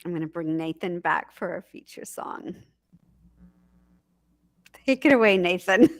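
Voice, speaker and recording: A woman minister leading a church service, speaking with halting restarts and soft laughs. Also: fairly low pitch, animated, dry recording, clean studio sound. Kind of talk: emotional casual thanks in an online church service.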